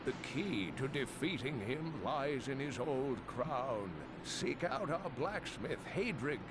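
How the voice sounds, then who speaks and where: An actor playing a wise, weary old male scholar in a game, telling old tales slowly and solemnly. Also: medium pitch, expressive, background noise. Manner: slow, solemn storytelling. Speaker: game character.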